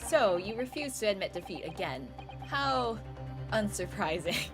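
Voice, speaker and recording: A stern, formal old judge presides over a courtroom game scene, read aloud by a woman. The lines come slow and measured, with a lilting rise and fall. Game music plays behind. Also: medium pitch, sing-song.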